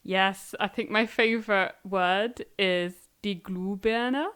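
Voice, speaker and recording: A woman's voice: mid-range voice, slow, clean tone. Chatty woman, laughing easily. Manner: chatty, laughs easily, animated when recalling. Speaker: guest, German learner. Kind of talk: casual interview answers.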